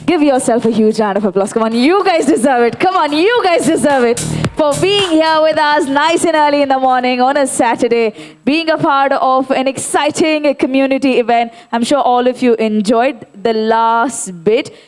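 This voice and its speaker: High-voiced upbeat woman emcee. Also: normal speed, soft background music. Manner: upbeat, rallying the crowd. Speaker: event host. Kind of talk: emcee announcements.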